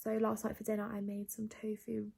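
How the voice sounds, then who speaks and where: A young woman talks through her day in a relaxed vlog, recorded on a phone in her bedroom. Her voice sits at a middle pitch with a lot of gravelly vocal fry, and she often slips into a breathy half-whisper. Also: brisk. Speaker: vlogger. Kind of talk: casual day-in-the-life vlog chat. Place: bedroom at home. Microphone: phone camera.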